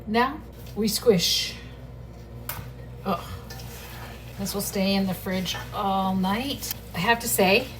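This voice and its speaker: A middle-aged woman chats away while she cooks, swearing freely and talking straight to the camera. Her voice comes from a phone on a tripod across the kitchen, a little distant and set against steady background noise. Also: mid-range voice. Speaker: home cooking vlogger. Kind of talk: casual kitchen vlog chat. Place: home kitchen.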